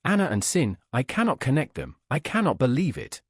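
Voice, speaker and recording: Man putting on a pleading young wife, agitated, repeats herself, raised husky voice, storybook. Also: mid-range voice, sing-song, fairly quick, no room sound, studio quality. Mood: distressed. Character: kind, anxious young wife pleading for her friend.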